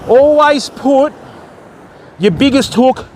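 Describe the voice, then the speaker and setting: Casting from a stormy beach, a high-pitched fishing livestream host talks gear slowly, with faint wind and surf hiss underneath. His easygoing chatter greets viewers by name and keeps calling them mate.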